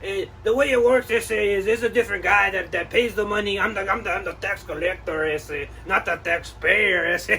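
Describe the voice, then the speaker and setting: A man's voice: extremely high pitch, steady tone, moderate pace, few pauses, sharp tone, far from the mic, slight background noise, pitched above the performer's own voice, heavily acted. A man voicing a tough male street-gang tax collector in a comedy sketch, talking streetwise and dropping Spanish slang. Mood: sheepish.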